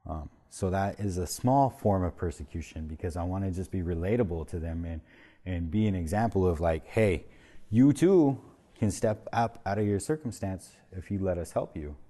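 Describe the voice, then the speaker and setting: A man serving as a pastor, talking with a group in a relaxed way and telling stories from his own life. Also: low voice. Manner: conversational, with restarts and fillers and a quick laugh. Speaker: pastor leading a group discussion. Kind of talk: casual group talk and storytelling.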